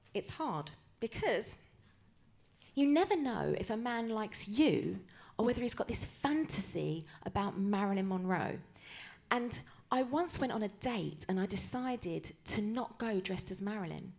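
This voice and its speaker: A woman's voice: medium pitch, expressive, measured pace, gravelly, darkish tone. A woman with a Cockney accent doing live stand-up storytelling on a cabaret stage, chatty and self-mocking. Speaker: comedian and tribute performer.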